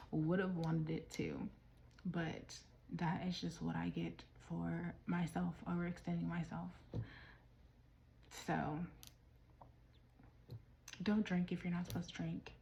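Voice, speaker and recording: A woman's voice: lowish voice, vocal fry, darkish tone, muffled recording, a little hiss or hum. A woman giving a casual tarot reading while out of breath, rambling and restarting her sentences, sometimes dropping to a whisper. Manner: rambling, restarts and trails off mid-thought. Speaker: tarot reader.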